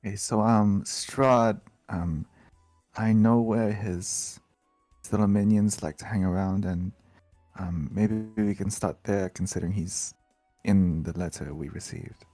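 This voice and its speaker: Guy playing a tabletop rpg, lowish voice, dry sound, lots of ums. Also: steady tone, unhurried, dark tone, no echo, faint music behind. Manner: hesitant, filler-heavy. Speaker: player. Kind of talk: tabletop role-play.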